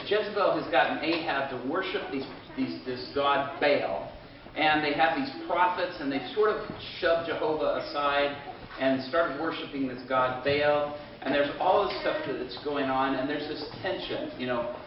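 Animated preacher in an echoey hall. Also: male voice, fairly high pitch, noisy background. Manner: rambling, animated storytelling with many restarts. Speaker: pastor. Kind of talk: sermon. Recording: echoey room, distant mic, dull sound.

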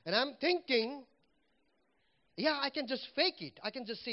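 Male preacher, high voice, animated testimony style, dull muffled audio. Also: unhurried, long pauses. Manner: animated storytelling, voice swinging up and down as he relives moments. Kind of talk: personal testimony in church.

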